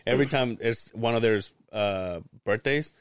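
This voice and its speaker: A man's voice: mid-range voice, moderate pace, smooth, no echo, clean studio sound. A man co-hosting a podcast, laid-back and profane, laughing often as he tells stories. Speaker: podcast co-host. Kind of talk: casual chat.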